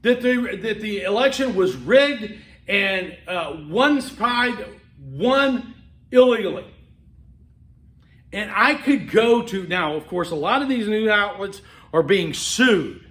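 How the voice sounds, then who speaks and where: Man, college lecture, high voice, rambling, lots of fillers, echoey classroom. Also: expressive, slow, fairly bright tone. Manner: conversational, rambling with many fillers and restarts. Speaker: college instructor.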